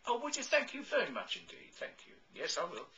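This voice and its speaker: A man performing a comic one-sided phone call, chatty, fussy and genteel in manner. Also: high-pitched. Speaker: comedy performer.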